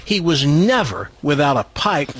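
An older man hosting a radio show, telling stories in casual studio chat and dropping into a deep voice for quotes. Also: a little slow, a little hiss or hum. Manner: animated storyteller, drops into a deep put-on voice for quotes.

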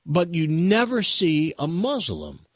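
A man's voice: on the high side, huge pitch swings, slow pace, no echo, studio quality. A man with an American accent hosting a talk radio show, opinionated and rambling, with many restarts and fillers. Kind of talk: casual talk radio monologue. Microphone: studio microphone.

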